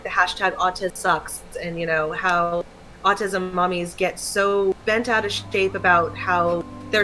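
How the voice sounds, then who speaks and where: A woman's voice: medium pitch, poor audio. A woman talking candidly in a casual chat, rambling and laughing often. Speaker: stream co-host.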